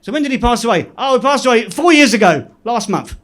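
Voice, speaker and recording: Comic guy, high voice, deadpan one-liners on a club stage. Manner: deadpan joke delivery with quick self-laughs. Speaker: stand-up comedian. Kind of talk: live stand-up one-liners.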